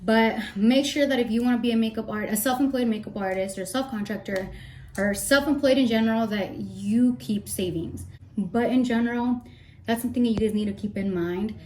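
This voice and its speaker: A woman's voice: on the high side, fairly quick, darkish tone, slight background noise. Breathless, chatty young woman vlogger. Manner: chatty, rambling, playful asides. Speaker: makeup vlogger. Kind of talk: casual get-ready-with-me chat.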